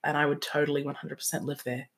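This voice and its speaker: A woman's voice: deep voice, flat delivery, quick pace. A woman chatting casually about books on a podcast, giggly and trailing off with ums. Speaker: book podcast co-host.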